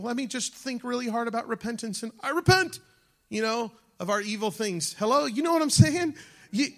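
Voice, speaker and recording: A man preaching a sermon as pastor, calling out to the congregation and dropping at times to a near-whisper. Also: very high voice. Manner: animated preaching, shifting from shouts to near-whispers.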